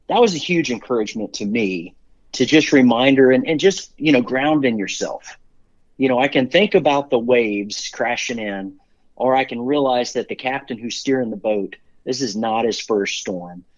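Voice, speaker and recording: A man's voice: medium pitch, lively intonation, moderate pace. A middle-aged man, a company CEO, telling stories as an interview guest in an upbeat, rambling way with many fillers and restarts. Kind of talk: casual interview storytelling. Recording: dull lo-fi sound.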